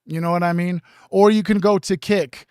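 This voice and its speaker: A man hosting a casual livestream, rambling with many restarts, swearing and often clearing his throat. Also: sits high, steady tone, moderate pace, darkish tone, no room sound, clean studio sound. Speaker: livestream host. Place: home streaming setup.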